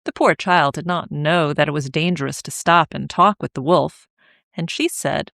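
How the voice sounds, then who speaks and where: A woman narrating a fairy tale in a slow, clear scripted reading for English learners. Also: low voice, fairly bright tone, no room sound, studio quality.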